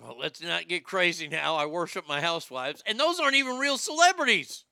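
Brief: middle-aged male host, high-pitched and gravelly, profane comic ranting. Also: brisk, no echo, studio quality. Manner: loud, profane, animated, repeats himself. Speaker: show host. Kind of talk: profane comedic rant and show segment.

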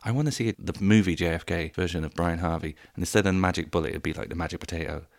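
Rambling man with a gravelly low voice. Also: racing, no room sound. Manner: rambling, self-deprecating, sweary, jumps between voices. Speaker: podcast host. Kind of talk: rambling solo comedy podcast.

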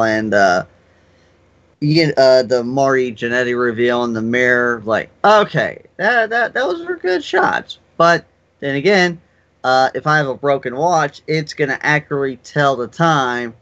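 A man co-hosting a casual podcast chat, talking in a profane, ranting way that bursts into mock shouts. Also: medium pitch, moderate pace, muffled recording. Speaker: podcast co-host.

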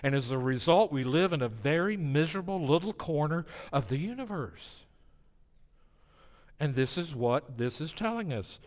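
Male preacher, somewhat high voice, dynamic sermon delivery from quiet to emphatic, long hall reverb.

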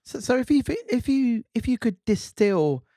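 A man's voice: very high voice, lively intonation, moderate pace, dark tone, no room sound, studio quality. A man hosting a podcast, asking questions hesitantly and repeating words as he forms them. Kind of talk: interview question.

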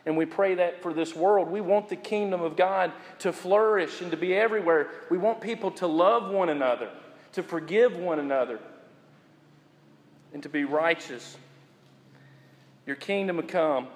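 A man preaching a sermon as pastor, building to emphatic, drawn-out repeated phrases and dropping low for quiet asides. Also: big-room sound.

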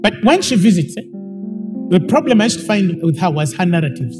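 High-voiced, animated man preaching. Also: fairly quick, over music. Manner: emphatic, rising to shouts, repetitive. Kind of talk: sermon. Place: church hall with congregation.

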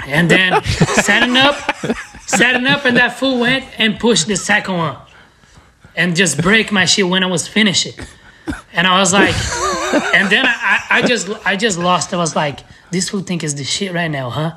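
A man's voice: high voice, normal speed, background noise. A man from Brazil, a guest on a podcast, telling a story in a loose, laughing, profane way with lots of restarts. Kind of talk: casual storytelling.

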